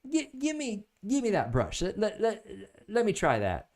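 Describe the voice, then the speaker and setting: A man's voice: sits high, huge pitch swings, moderate pace, pitched above the performer's own voice, full character voice. A man voicing an eager neighborhood boy, stammering as he begs for a turn. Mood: pleading. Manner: begging, stammering.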